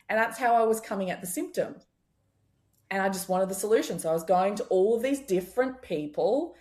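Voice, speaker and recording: A woman's voice: mid-range voice, darkish tone. A young adult woman chiropractor, talking candidly and expressively as a guest in a casual podcast conversation, swearing freely.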